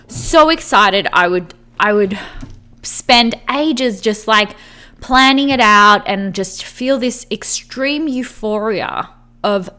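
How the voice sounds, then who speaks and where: A woman's voice: mid-range voice, sharp tone. A woman hosting a podcast in a casual, chatty way, saying "like" a lot and acting out what friends might say. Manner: chatty, fills speech with "like"; acts out imagined friends' voices. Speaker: podcast host.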